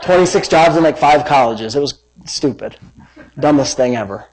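A man preaching a sermon as pastor, reading scripture with lively emphasis and wandering into personal asides. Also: a little high, normal speed, rough recording. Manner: animated, dramatic scripture reading with rising emphasis; rambling asides and self-corrections.

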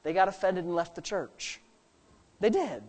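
Male pastor, sermon, sarcastic, lively swings between loud highs and hushed lows. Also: normal speed. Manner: animated preaching with wide swings between loud, high bursts and low, quiet asides.

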